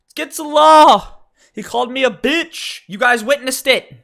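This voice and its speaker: A man's voice: moderate pace, creaky, bright, forceful tone, exaggerated voice. A man voicing an indignant woman at a bar who shrilly threatens to call the police. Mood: shrill outrage. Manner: shrill, outraged, tattling.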